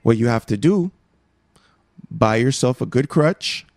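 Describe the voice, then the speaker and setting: A man preaching a sermon, emphatic, swinging from soft asides to raised exhortations. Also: medium pitch, expressive, a little slow, vocal fry, dry recording.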